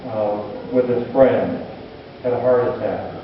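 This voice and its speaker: A pastor and hospital chaplain preaching a sermon, telling stories slowly and earnestly with dramatic pauses. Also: male voice, mid-range voice, noisy background. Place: church sanctuary. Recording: distant, echoey church hall, muffled.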